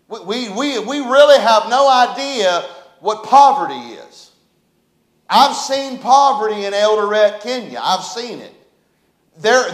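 A man preaching a sermon as pastor, telling stories and acting out scenes with shouts. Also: sits high. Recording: echoey church room.

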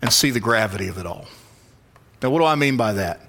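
A male pastor preaching an expository sermon, emphatic, sometimes dropping to a hushed whisper for stress. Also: on the low side, expressive, quick pace.

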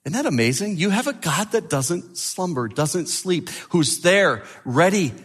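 A male pastor delivers a sermon at an unhurried pace. His voice sits somewhat high for a man, and he leans on emphasis, repeating his key phrases. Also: very animated, a bit bright, husky.

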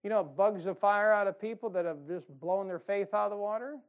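A man preaching a folksy, emphatic sermon, with sudden loud bursts and mocking quotes. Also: high voice, a little fast, clear, resonant tone, dull audio. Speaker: pastor. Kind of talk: fiery sermon.

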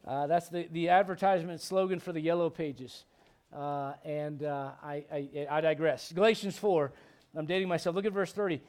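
A middle-aged man pastor preaching a midweek Bible study sermon, animated and conversational, with joking asides to the congregation. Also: clean tone. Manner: animated preaching, bursts of high-pitched emphasis, quick asides.

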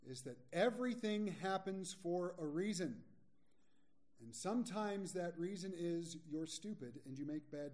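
A male pastor delivers a sermon in a mellow, fairly high voice. He is candid and self-mocking, joking with the congregation, then slows right down to stress his points. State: a little sleepy.

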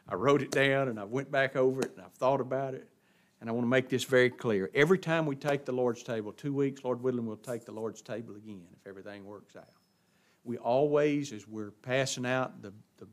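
An older man, a longtime pastor, preaching a sermon: he reads scripture aloud, stops to tell listeners what to underline, and swings from loud emphatic lines to quiet asides. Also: medium pitch.

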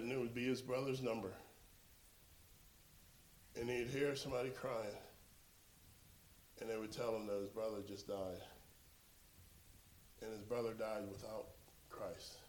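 A man preaching a sermon, telling a story and swinging from hushed, slow lines to loud exclamations. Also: medium pitch, reverberant, a little hiss or hum, low-quality recording.

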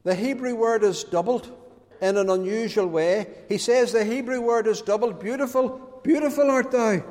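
A man preaching a sermon in a church, emphatic and lingering on key words. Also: very high voice. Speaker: pastor. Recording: church hall reverb.

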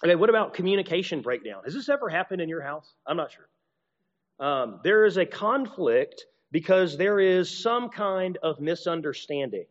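Male speaker, slightly high voice, conversational teaching tone, long hall reverb, muffled lo-fi recording. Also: sing-song, moderate pace. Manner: conversational, acts out little dialogues, many restarts. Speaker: preacher or teacher. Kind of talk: teaching talk to a group.

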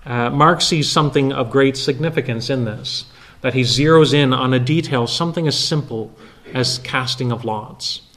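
Guy preaching a sermon, slow and emphatic, lots of uhs between points. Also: medium pitch, fairly bright tone. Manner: measured, emphatic, with many filler pauses. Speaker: pastor. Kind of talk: expository sermon.

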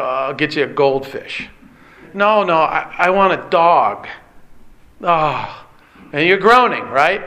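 A man's voice: high-pitched, bright, forceful tone. A middle-aged man preaching a sermon as pastor, earnest and pleading, often asking rhetorical questions.

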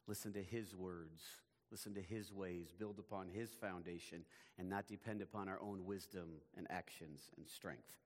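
A man preaching a sermon as pastor, in a measured, emphatic way, his phrases often falling away at the ends. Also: low voice, fairly even intonation, long reverb tail.

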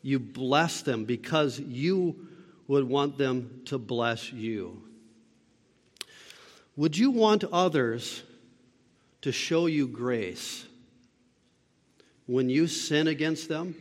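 A man's voice: mid-range voice, expressive, very slow, long pauses. Pastor guy preaching, emphatic, lots of questions to the crowd, long echoey hall. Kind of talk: sermon.

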